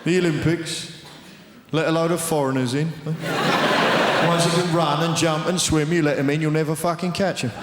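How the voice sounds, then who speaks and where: A man's voice: a little high, fairly even intonation, normal speed, very noisy, pitched below the performer's own voice, natural voice. A man comedian voicing a suspicious, paranoid middle-aged bloke with a mocking sneer on stage. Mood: suspicious grumbling. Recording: echoey theatre hall, loud laughing crowd.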